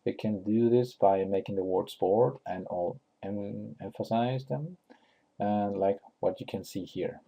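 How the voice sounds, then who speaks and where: Slow, gravelly-voiced man explaining software. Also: lowish voice. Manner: unscripted, many fillers and restarts, thinking aloud. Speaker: tutorial host. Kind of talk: screen-recorded software tutorial.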